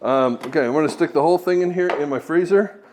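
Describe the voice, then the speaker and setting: A man's voice: a little high, fast talker, darkish tone, slight background noise. A man hosting a casual cooking tutorial in a home kitchen, chatty and joking as he goes. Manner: jokey, chatty, self-deprecating asides. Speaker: cooking video host.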